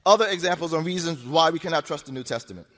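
A man's voice: on the high side, lively intonation, quick pace, a bit bright. A man giving an argumentative lecture to an audience, insistent and repetitive, pressing his points with rhetorical questions. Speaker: speaker addressing an audience. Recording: long hall reverb.

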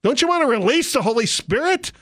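A man's voice: very high voice, sing-song, brisk, fairly bright tone, no echo, studio quality, voice pushed up, full character voice. A man imitating a preachy worship leader who lectures earnestly.

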